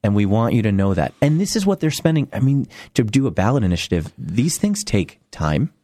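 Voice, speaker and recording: Guy hosting a radio show, lowish voice, swings up and down a lot, sarcastic, dry close mic. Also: fairly quick, no room sound. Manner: sarcastic, animated commentary. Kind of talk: casual radio banter.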